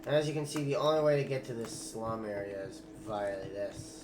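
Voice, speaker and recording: A man's voice: on the low side, moderate pace, background noise. A man giving casual commentary while building in a game; he talks loosely, swears when he gets frustrated, then apologizes. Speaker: Minecraft server host. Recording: echoey room, loud background music.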